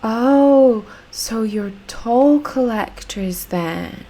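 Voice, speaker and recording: A woman's voice: a little high, animated, extremely slow, warm tone, slight background noise. A young woman giving rambling, self-mocking commentary while playing a video game. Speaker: let's play host. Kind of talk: casual gameplay commentary.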